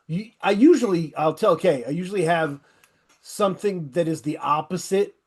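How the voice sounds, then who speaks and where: Upbeat high-voiced male podcast host. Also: moderate pace, a little mellow, slightly rough. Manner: enthusiastic, rambling recommendations. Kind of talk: casual interview chat.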